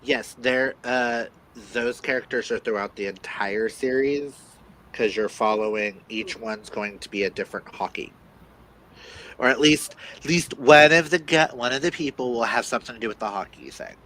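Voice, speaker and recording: A man's voice: medium pitch, normal speed, fairly bright tone, low-quality recording. A man co-hosting a casual book chat, wry and given to complaining. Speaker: podcast co-host. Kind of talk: casual chat about books.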